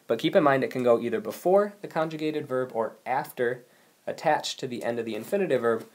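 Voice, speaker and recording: Man giving a patient language lesson. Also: mid-range voice. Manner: patient, explanatory, reads example sentences aloud. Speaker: language teacher. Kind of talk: recorded video lesson narration.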